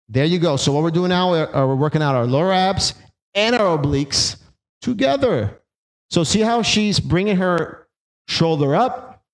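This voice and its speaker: A man's voice: a little high, low-quality recording. Upbeat man coaching an ab workout. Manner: encouraging, counts and cues reps aloud. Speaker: fitness instructor. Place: small home workout studio.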